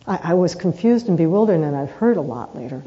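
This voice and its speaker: A female meditation teacher gives a reflective dharma talk, sharing personal stories in an earnest, unhurried manner and posing rhetorical questions. Her voice is lowish, animated and dark, and the highs are cut off.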